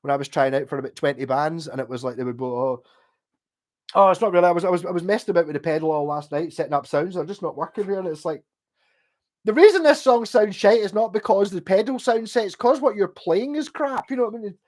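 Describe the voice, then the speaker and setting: Scottish guy in his 40s, a bit high-pitched, rambling sweary livestream chat. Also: fast talker, darkish tone. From Scotland. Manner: rambling, sweary storytelling, drifting off mid-sentence. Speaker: livestream host. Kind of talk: casual chat.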